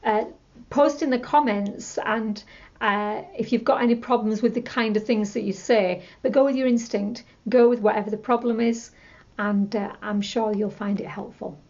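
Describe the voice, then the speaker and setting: A woman teaching a tapping technique, calmly repeating example phrases as she explains. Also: on the high side, moderate pace, highs cut off. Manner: calm, repetitive, demonstrates scripts aloud. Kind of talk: instructional talk to camera.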